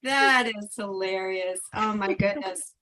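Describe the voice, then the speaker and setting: A woman hosting a call-in channeling session as a medium, gentle and affectionate toward her callers. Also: medium pitch, slow pace, low-quality recording. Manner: gentle, affectionate, calls people sweetheart. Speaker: host, psychic medium.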